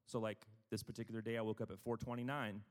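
A man's voice: on the low side, level tone, fast talker. Chatty preacher man in a reverberant hall. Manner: chatty and self-deprecating, with frequent asides. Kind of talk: conversational sermon.

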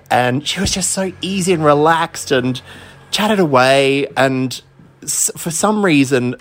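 Chatty Australian man telling a story. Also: mid-range voice. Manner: chatty, self-deprecating storytelling. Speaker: DJ sending in a story. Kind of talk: recorded voice message anecdote.

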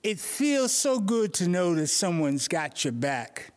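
A man's voice: high voice, big pitch swings, slow. Earnest man preaching a morning sermon. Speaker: pastor.

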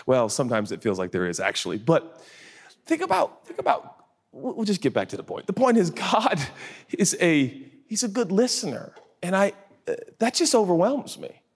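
A man preaching a sermon, a father, lively and talkative, who leaps into high acted voices and drops to soft, quiet lines. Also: moderate pace, husky. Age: adult, a father. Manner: animated, jumps into high-pitched acted voices, then drops low and soft. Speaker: pastor.

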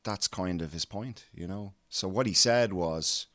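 A man, a coach answering interview questions, slightly hoarse from cheering, emphatic and full of "you know". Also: low voice, unhurried, fairly bright tone, dry recording. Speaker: MMA coach.

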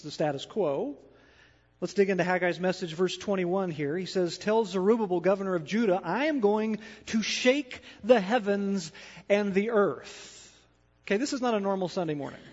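A male pastor preaching a sermon, swinging between loud emphatic declarations and hushed asides to the congregation in a church sanctuary. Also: sits high, slightly rough. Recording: dull sound with long hall reverb.

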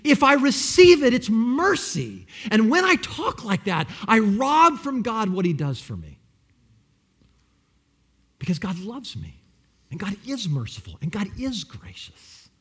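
Impassioned husky male preacher. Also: sits high, huge pitch swings, measured pace. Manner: impassioned, swings between loud pleading and hushed near-whispers. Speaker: pastor. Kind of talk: sermon.

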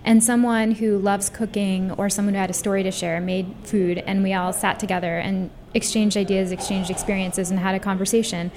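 A woman's voice: mid-range voice, level tone, brisk, hardly any pauses, a little mellow, a little hiss or hum. Earnest woman guest, speaking thoughtfully. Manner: thoughtful, earnest, with many fillers. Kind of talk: casual interview.

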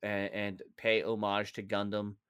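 A man's voice: on the low side, completely flat delivery, measured pace, fairly bright tone, clean tone, no echo, studio quality. A man co-hosting a casual gaming podcast, joking and ranting with a lot of swearing. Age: adult father of three. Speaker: podcast co-host.

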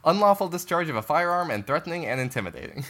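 A man co-hosting a casual podcast, reading out news headlines deadpan with dry teasing. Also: a little high, quick pace, a crowd in the background.

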